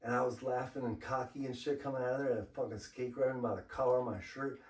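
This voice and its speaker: A man's voice: mid-range voice, steady tone, fast talker. A man from Los Angeles, a graffiti artist guest, telling stories in a laid-back, profane way full of "you know.". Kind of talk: casual storytelling interview. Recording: roomy, mic far off.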